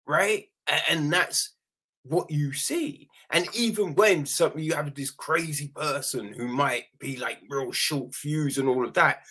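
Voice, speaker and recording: A film reviewer talks through a movie critique in a casual, animated way, frequently adding "right?", acting out quick quoted lines and swearing now and then. His voice is fairly high for a man.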